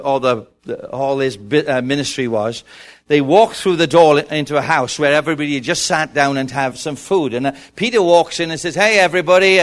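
Animated middle-aged male preacher. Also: fairly high pitch. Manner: animated storytelling with repetitions. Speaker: pastor. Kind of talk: sermon.

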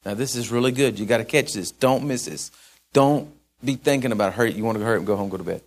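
A man of middling pitch delivering a sermon. His talk is folksy and conversational, chatting with the congregation, and then it builds into loud, emphatic declarations. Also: quick pace. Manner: folksy, conversational preaching that swells into emphatic shouts. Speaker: pastor.

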